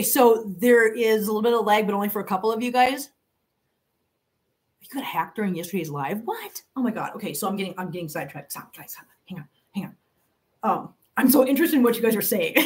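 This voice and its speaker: A woman hosting a cat channel live stream, telling a long story to viewers in a chatty, animated way and laughing often. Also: a little high, far from the mic.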